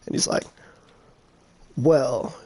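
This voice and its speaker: A man's voice: extremely slow, dark tone. A young man in casual voice chat, telling a crude story with lots of laughing.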